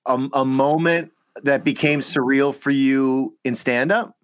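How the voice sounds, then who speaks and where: A man hosting an interview, asking questions in a halting way that repeats words. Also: medium pitch, fairly even intonation, slight background noise. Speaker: podcast host. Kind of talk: casual interview chat.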